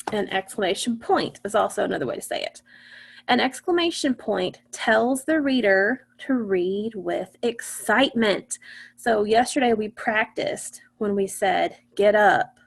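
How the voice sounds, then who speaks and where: A woman's voice: medium pitch, expressive, a little slow, creaky, husky. A woman teaching an online phonics lesson, patiently asking her class questions and then answering them herself.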